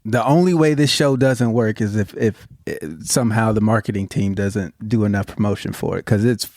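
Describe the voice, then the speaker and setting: A man on a comedy podcast speaking in halting, supportive bursts and swearing casually. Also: on the low side, fairly even intonation, a little mellow, no echo, clean studio sound. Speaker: podcast co-host.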